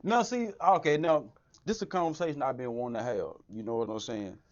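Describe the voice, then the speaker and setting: A man in casual chat, animated, who keeps saying "right, right" and "you know what I'm saying.". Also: medium pitch, fairly quick. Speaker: podcast host. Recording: dull lo-fi audio.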